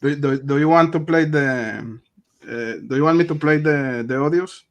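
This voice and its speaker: A man hosting an interview, speaking hesitantly and haltingly. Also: a little high. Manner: hesitant, many fillers. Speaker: interview host. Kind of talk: casual interview talk.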